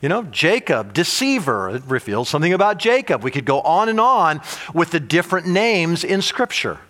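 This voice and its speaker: A male pastor preaching a sermon, animated, asking the audience rhetorical questions and often restarting and repeating words. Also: on the high side, normal speed.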